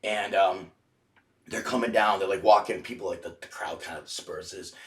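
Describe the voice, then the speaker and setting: A man's voice: low-pitched, steady tone, normal speed, a bit bright. A man telling a long story as a podcast guest, casual and profane, full of restarts and filler words. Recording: roomy, distant mic.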